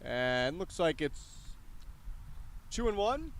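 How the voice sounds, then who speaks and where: A young man calling a high school baseball game play-by-play, lively on the big plays and chatty between pitches, outdoors at the field. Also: slow. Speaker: play-by-play announcer.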